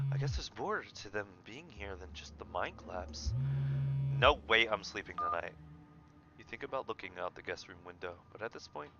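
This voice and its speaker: A young man streaming a story game, reading its text aloud and breaking into excited outbursts. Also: fairly low pitch. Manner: excitable, jumps between flat reading and loud outbursts. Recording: dull lo-fi mic with faint noise.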